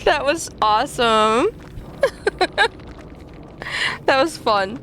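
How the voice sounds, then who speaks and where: High-voiced woman streaming a game. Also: very slow, slight background noise. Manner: excitable, laughs often, talks to chat. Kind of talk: live gameplay commentary. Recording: game music playing clearly behind.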